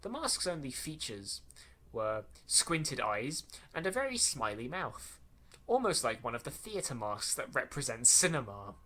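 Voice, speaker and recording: This podcast host's voice is mid-range, sing-song, bright and forceful, and he takes his time reading a horror story aloud. Clumsy sentences trip him up, so he rereads them with mocking, sarcastic comments.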